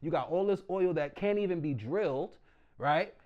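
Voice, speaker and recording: A man doing a loud, animated stand-up comedy set in a small room, often slipping into mock voices. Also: fairly high pitch, moderate pace, muffled recording.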